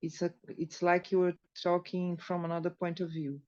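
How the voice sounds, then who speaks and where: A woman's voice: on the low side, flat delivery, normal speed, a little mellow, lo-fi sound. A woman interpreting a singing class into Portuguese and adding her own comments. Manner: paraphrases into Portuguese.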